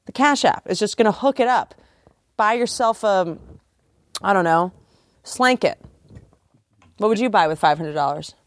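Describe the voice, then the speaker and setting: A podcast host reads a sponsor ad playfully, joking around, laughing often, and rushing through the copy. Her medium-pitched voice is expressive, captured in a dry recording.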